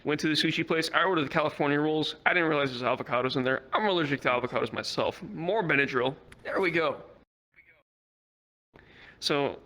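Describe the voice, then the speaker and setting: A man doing stand-up, telling a rambling, profane story with quick acted quotes in a virtual comedy club. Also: a little high, sharp tone.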